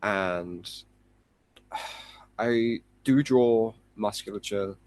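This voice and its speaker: A man's voice: on the low side, drawn-out words, a little mellow, dry recording. A man appearing as a guest illustrator on a podcast, speaking casually with self-deprecating, rambling humour and jokey asides.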